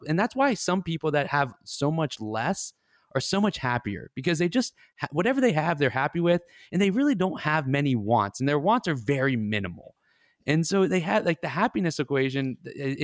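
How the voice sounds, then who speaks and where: A man's voice: fairly high pitch, no echo. Rambling man explaining over a dry mic. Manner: rambling, explanatory, tags lines with "right?". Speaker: financial wellness advisor, podcast co-host. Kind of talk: casual podcast chat.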